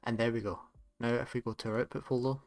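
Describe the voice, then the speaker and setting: A man with a Scottish accent, hosting a casual tutorial in a relaxed, chatty way with some self-corrections. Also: medium pitch, fast. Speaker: tutorial host. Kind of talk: casual screen-recorded tutorial.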